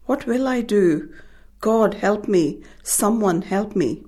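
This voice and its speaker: A woman's voice: fairly low pitch, measured pace, mellow. A woman reading aloud, voicing a desperate widowed mother pleading for more time and help. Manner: pleading, shaky.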